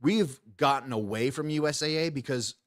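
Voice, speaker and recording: A man's voice: medium pitch, moderate pace. A retired Army veteran man in his forties hosting a casual talk show, blunt and profane, often restarting his sentences. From United States. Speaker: podcast host. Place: small home studio.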